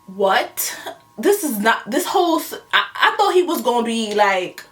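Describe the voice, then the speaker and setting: Young woman vlogger with a slightly high voice, animated and slangy storytelling. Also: moderate pace. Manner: animated, laughing, slangy retelling. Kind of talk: casual storytime.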